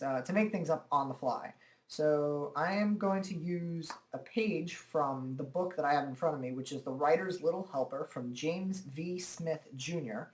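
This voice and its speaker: A man giving a relaxed, chatty walkthrough of software at his computer, talking into a desk microphone and filling pauses with "uh" and "okay". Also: a little high. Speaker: software tutorial presenter. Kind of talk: casual screen-recorded software demo.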